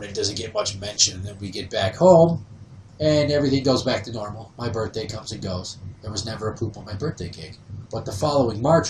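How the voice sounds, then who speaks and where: A man's voice: lowish voice, slight background noise. A man hosting a podcast, telling a comic story and acting out the people in it. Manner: animated, acts out quoted voices. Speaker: podcast host. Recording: roomy, slightly distant from mic.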